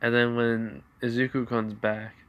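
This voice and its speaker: A man's voice: mid-range voice, flat delivery, measured pace, muffled recording. A young man casually improvising a fan fiction story, rambling with lots of fillers. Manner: rambling, many fillers like 'like'.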